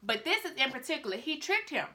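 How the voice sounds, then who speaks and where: A woman's voice: sits high, big pitch swings, fast, pushed and bright. A woman vlogger retelling a Bible story in a chatty, casual way, talking straight to her viewers.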